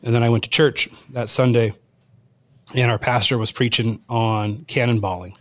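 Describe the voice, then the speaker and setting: A man's voice: medium pitch, fairly even intonation, normal speed, a bit bright. A man, a wild game chef, telling a personal story as a guest and acting out the voices of people he quotes. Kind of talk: storytelling in conversation.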